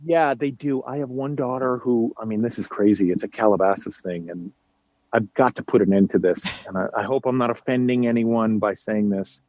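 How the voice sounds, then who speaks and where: A man's voice: medium pitch, fairly even intonation, brisk, a little mellow, no room sound. Middle-aged man, from New York, chatty podcast guest, self-deprecating, dry lo-fi remote audio. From United States, New York. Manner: chatty and self-deprecating, many fillers and restarts. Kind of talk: casual interview chat. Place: at home.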